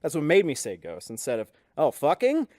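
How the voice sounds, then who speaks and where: A man's voice: a little high, wildly swooping pitch, a little fast, darkish tone, no room sound, clean studio sound. A man co-hosting a podcast, telling a story casually and acting out the people he quotes. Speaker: podcast co-host. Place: podcast studio.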